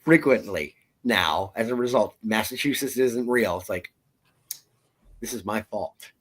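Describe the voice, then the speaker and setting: An adult man co-hosting a podcast, chatting casually and telling stories in a playful, animated way. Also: on the low side, unhurried. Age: adult, parent of a twelve-year-old. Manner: animated, playful storytelling with jokes. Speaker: podcast co-host. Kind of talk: casual chat.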